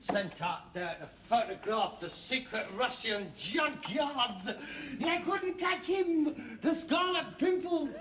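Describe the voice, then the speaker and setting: An actor playing a sarcastic, mocking middle-aged son in a sitcom. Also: male voice, very high-pitched, lively intonation, takes it slowly, hardly any pauses, background noise, exaggerated voice. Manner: sarcastic, mocking, bursts into silly put-on voices. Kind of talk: sitcom acting.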